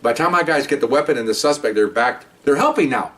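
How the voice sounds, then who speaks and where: An older man, a retired narcotics detective, telling a story from his career in a heated, animated way and acting out what people said. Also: mid-range voice, quick pace, far from the mic. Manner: heated, animated, acts out quoted lines. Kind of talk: personal storytelling.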